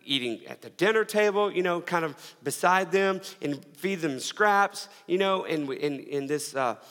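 A man's voice: fairly high pitch, fairly bright tone. A middle-aged man preaching a sermon as pastor, telling a story with frequent restarts and repeated words. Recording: long reverb of a large hall.

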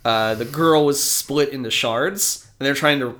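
A man co-hosting a podcast, recapping a comic in casual, animated talk, swearing and acting out the characters in quick voices. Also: medium pitch. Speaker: podcast co-host.

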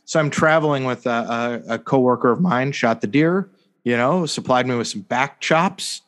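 A man's voice: mid-range voice, normal speed, fairly bright tone. A man co-hosting a casual sports podcast, rambling through a sarcastic story full of fillers and mock-serious "hypothetically" asides. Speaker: podcast co-host.

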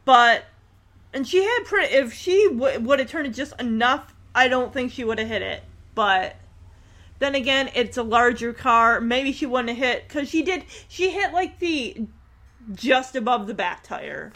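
A woman commenting casually on a TV episode, telling the story in an animated way and acting out the characters. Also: on the high side, a little slow. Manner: chatty, with many fillers and restarts. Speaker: reaction video host.

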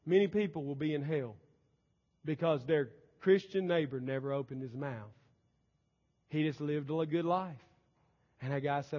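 A male pastor preaching a sermon emphatically, his volume swinging between loud and soft. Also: on the high side, normal speed, long pauses. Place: church sanctuary. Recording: dull lo-fi church recording with long reverb.

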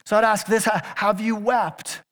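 The pastor's voice sits high and fairly bright, with a flat delivery at normal speed. In the church sanctuary he preaches emphatically and earnestly, quizzing his listeners again and again and occasionally restarting, under the hall's long reverb.

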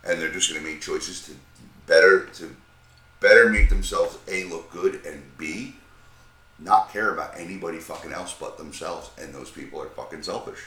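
A man's voice: low voice, moderate pace, bright, forceful tone. A man co-hosting a podcast, blunt and profane, philosophizing in casual chat. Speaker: podcast co-host. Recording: roomy with faint noise.

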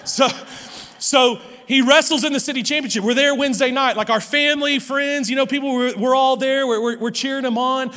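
High, bright-voiced man preaching in a hall. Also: fairly even intonation, brisk. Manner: storytelling with many repeated words and restarts; swings between hushed and loud passages. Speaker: pastor. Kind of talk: sermon. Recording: long hall reverb.

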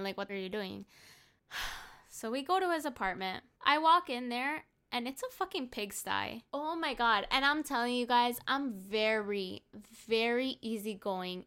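A woman's voice: fairly high pitch, clear, resonant tone. A young woman telling a bad-date story in casual vlog chat, exasperated and swearing freely, a few drinks in. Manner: exasperated, profane, animated retelling. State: tipsy from drinks.

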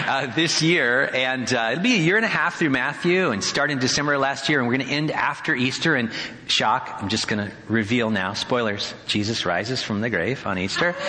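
A male pastor delivers a sermon in a conversational, animated way with touches of wry humor. His mid-range voice is bright and forceful, carrying the long hall reverb of a church sanctuary.

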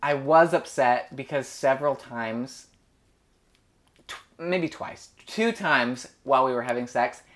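A man's voice: mid-range voice, a little slow. A young man chatting casually, telling a story full of "like" and acted-out quotes. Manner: animated storyteller, heavy filler "like", acts out quotes. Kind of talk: casual chat.

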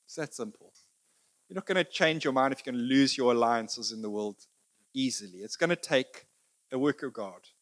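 A man speaking off the cuff to an audience, telling a story in a conversational, halting way with restarts. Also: medium pitch, fairly bright tone. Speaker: speaker answering audience questions. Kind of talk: unscripted talk to an audience.

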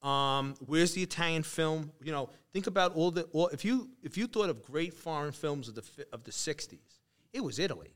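A man's voice: on the high side, expressive, normal speed, a bit bright. A man hosting a casual conversation, telling stories animatedly and acting out the people he quotes. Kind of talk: casual chat.

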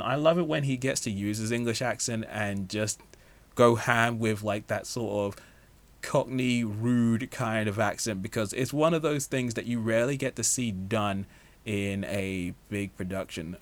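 A man giving a casual, opinionated film review, talking freely with lots of "like" and "you know" fillers. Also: lowish voice. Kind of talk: casual movie review monologue.

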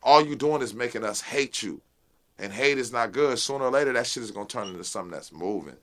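A man being interviewed as a rap guest, talking casually and with passion, full of street slang and repeated "you know what I'm saying", while high. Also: animated, fast talker, a bit bright. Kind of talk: casual unfiltered interview talk.

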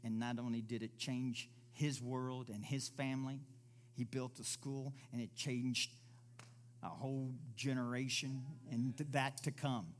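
A man's voice: medium pitch, steady tone, a little slow. A man preaching a sermon in a church service, emphatic, firing off rhetorical questions and acting out the voices he quotes.

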